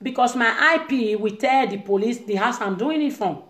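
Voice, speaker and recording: Emphatic high-voiced Nigerian woman. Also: lively intonation, normal speed, a bit bright, echoey room. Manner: emphatic, acts out quoted voices, Nigerian Pidgin-tinged English. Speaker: online show host. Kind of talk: impassioned monologue. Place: room in a private house.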